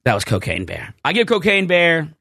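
A man co-hosting a podcast, chatting casually and telling rambling stories, getting animated when he quotes people. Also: on the high side, normal speed, vocal fry, no room sound, studio quality. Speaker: podcast co-host. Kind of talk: casual chat.

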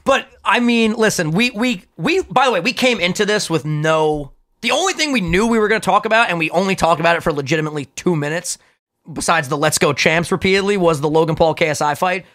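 A young man co-hosting a casual podcast, loud, profane and hyped. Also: high voice, lively intonation, fast. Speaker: podcast co-host.

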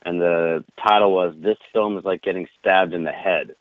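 Dude on a tinny phone line spinning a wild story, kinda low voice, dry sound. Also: male voice, normal speed, dry recording. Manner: animated, profane anecdote teller with frequent laughs. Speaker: guest. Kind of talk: casual storytelling.

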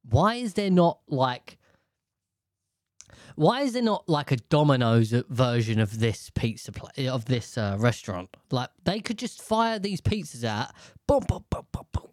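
Guy rambling on a podcast, animated, slips into silly voices, dry close sound. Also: medium pitch, unhurried, dry recording. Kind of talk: casual chat.

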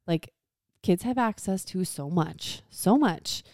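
A woman's voice: on the low side, lively intonation, takes it slowly, darkish tone, no room sound, clean studio sound. A woman in her thirties co-hosting a podcast, chatting casually and laughing often. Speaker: podcast co-host. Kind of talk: casual chat.

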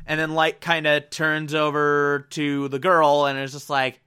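A man eagerly recaps an anime plot in a loose, rambling way, full of fillers and restarts. His voice is bright and sharp, a bit high for a man. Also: flat delivery, normal speed, few pauses, smooth.

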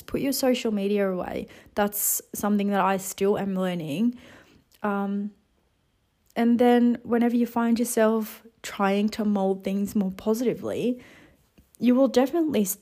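Chatty woman in her late twenties. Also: on the high side. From Netherlands. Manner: chatty, animated storytelling with lots of "you know" and "like". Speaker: wellness vlogger. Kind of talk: casual motivational monologue.

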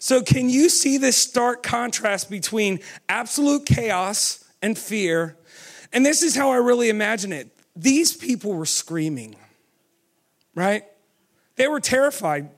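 During a sermon, a high-pitched man with lively intonation keeps asking listeners questions and encouraging them with "come on." His pace swings from quick bursts to slowly drawn-out words.

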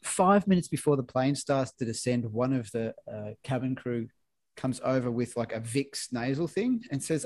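A man's voice: medium pitch, lively intonation, normal speed, a little mellow, slight background noise. A middle-aged Australian man telling an anecdote casually, swearing freely and acting out quotes. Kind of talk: casual chat, storytelling.

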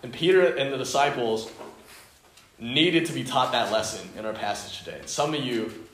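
A man's voice: medium pitch, animated, normal speed, fairly bright tone. A man preaching to a youth fellowship in an earnest, emphatic style, piling up short phrases and repeating them. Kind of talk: sermon. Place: indoor home fellowship meeting. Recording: echoey room, faint noise.

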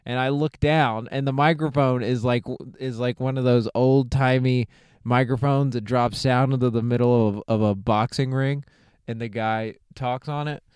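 A young man rambles through a profane solo comedy podcast from the driver's seat of a parked car, laughing at his own jokes as he goes. His voice is smooth and clear. The sound is dry and close, with no room around it. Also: mid-range voice, steady tone, moderate pace, a little mellow, no room sound.

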